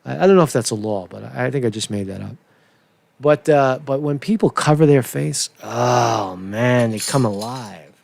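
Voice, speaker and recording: Gravelly profane male commentary host. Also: medium pitch, animated, a little fast, a little mellow, dry recording. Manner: profane, rambling, with many restarts. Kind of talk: casual political commentary.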